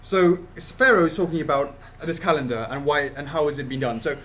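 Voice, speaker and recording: A man's voice: a little high, a little fast, a bit bright, a little hiss or hum. An English man co-hosting a casual livestream Q&A, reading out viewer questions in a chatty, jokey way. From England. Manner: chatty, jokey, laughs often. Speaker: co-host of a company Q&A stream.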